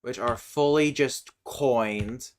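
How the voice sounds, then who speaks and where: There's slight background noise as a woman with an extremely low-pitched voice chats casually on her livestream. She slowly mutters to herself, typing and looking things up while developing an invented language, with keyboard clicks audible.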